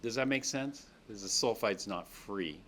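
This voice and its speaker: A man with a fairly low voice gives a chemistry lecture in a classroom. He walks through each step patiently and often checks that the students follow. Faint room noise sits under his voice. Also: normal speed, fairly bright tone.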